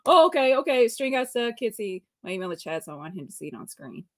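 A woman's voice: mid-range voice, expressive, quick pace, darkish tone. A woman co-hosting a live comics talk stream, giggly and chatty as she reads out viewer messages. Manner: giggly, reads chat aloud, often trails off. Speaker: co-host of a live comics show. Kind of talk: casual live-stream chat.

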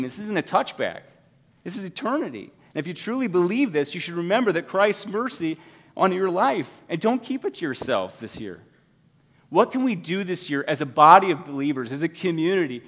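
A man preaching a sermon as pastor, swinging between loud, urgent appeals and hushed, quiet passages. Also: fairly high pitch. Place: church sanctuary. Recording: long hall reverb.

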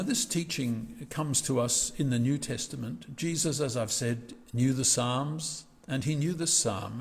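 A male pastor preaching a reflective sermon in a church, often restarting his phrases. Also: medium pitch. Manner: reflective, with frequent restarts and gentle asides. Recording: long hall reverb.

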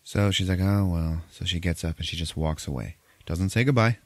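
A man with a very low voice retells a film plot in a casual, rambling podcast chat, swearing freely and laughing as he goes. The sound is close and dry, with little room around it. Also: a little fast, no echo. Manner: profane, laughing, rambling storyteller. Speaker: podcast host. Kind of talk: casual movie recap.

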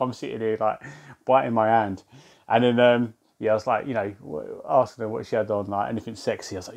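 A man telling a casual anecdote, animated, laughing often and swearing mildly. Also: medium pitch, fast, creaky. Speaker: vlogger.

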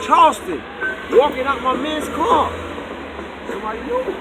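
A man rambling in a loose, repetitive street monologue while high, outdoors on a city street, recorded on a handheld phone. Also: expressive, normal speed, over loud music, low-quality recording. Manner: loose, repetitive, swings loud and soft. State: high on marijuana. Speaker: street vlogger. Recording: loud street and wind noise.

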